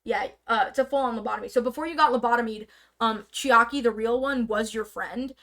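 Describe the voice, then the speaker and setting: A woman's voice: a little high, a bit bright. Rambling woman recapping on stream. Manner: rambling, filler-heavy, bursts of rapid talk. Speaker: stream guest presenting slides. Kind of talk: casual explaining to a streamer. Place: streaming setup indoors.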